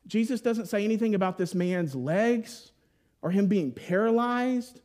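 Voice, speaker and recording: With a high, light voice, lively intonation, and a moderate pace, a man preaches a sermon in a storyteller's style. He jumps into playful voiced asides, then falls to a solemn hush for the weighty moments.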